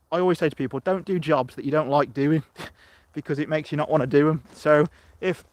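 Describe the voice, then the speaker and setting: A man's voice: on the high side, no echo. A middle-aged man from England chatting rambly on a live stream from his allotment, talking into a phone camera outdoors and answering viewers as he goes. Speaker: allotment vlogger. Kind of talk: live-streamed casual chat.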